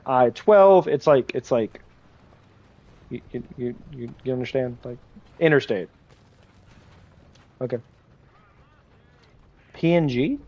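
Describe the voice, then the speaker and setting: A streamer chatting loosely over his game, a man with a higher voice who keeps starting sentences over and filling gaps with "like". The sound is close and dry, with no room around it. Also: a little mellow, no echo. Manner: rambling, heavy use of "like", many restarts. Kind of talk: casual chat while gaming.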